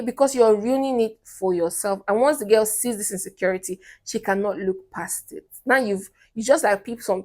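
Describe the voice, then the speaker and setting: A young Nigerian woman with a Nigerian accent, talking straight to camera as a relationship coach, emphatic and repetitive, often breaking into a personal story. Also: a little high. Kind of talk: direct-to-camera advice talk.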